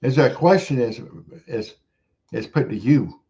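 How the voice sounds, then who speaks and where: A man hosting a devotional talk who speaks reflectively, pausing and letting his phrases trail off softly. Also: mid-range voice, animated, dull audio. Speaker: host.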